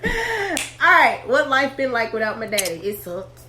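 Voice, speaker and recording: A woman's voice: fairly high pitch, expressive, moderate pace, sharp tone, a little hiss or hum. Woman host, laughing through grief. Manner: joking while holding back tears; casual, rambling, self-correcting. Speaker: podcast host. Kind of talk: casual podcast chat.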